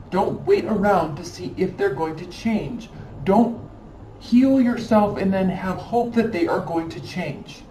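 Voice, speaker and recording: A woman's voice: fairly low pitch, warm tone. A woman giving a tarot card reading in an emphatic, scolding way, repeating phrases for stress. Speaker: tarot reader. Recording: echoey room, mic at a distance, faint background noise.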